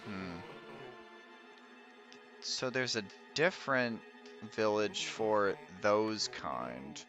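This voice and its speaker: A man's voice: fairly low pitch, very animated, extremely slow, fairly bright tone, faint music behind. A young man with a Midwestern American accent chatting casually with viewers while streaming a game, laughing often and trailing off as he reads.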